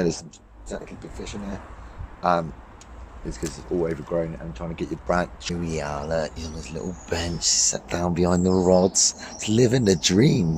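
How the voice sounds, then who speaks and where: A man with a hoarse voice from a cold, chatting casually and cheerfully into a handheld camera beside a small overgrown lake. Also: low voice, a little hiss or hum. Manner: upbeat, rambling, laughs often. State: hoarse, losing his voice from a cold. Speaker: fishing vlogger.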